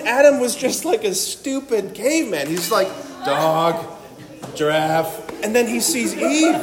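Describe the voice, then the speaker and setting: A man giving an energetic, joking talk to a live audience as a Catholic speaker, with a conversational manner and frequent "right?"s. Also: high voice. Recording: long hall reverb.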